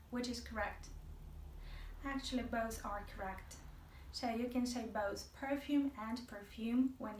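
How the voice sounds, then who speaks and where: A woman's voice: fairly high pitch, distant mic, slight background noise. A woman teaching an English video lesson, chatty and playful, speaking straight to her viewers. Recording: echoey room, voice from off the mic.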